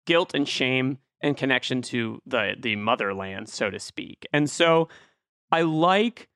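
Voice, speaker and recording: Bright, crisp man arguing a take. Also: mid-range voice, no room sound, studio quality. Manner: argumentative, builds a reflective counter-argument. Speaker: podcast co-host. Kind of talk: casual film-review chat.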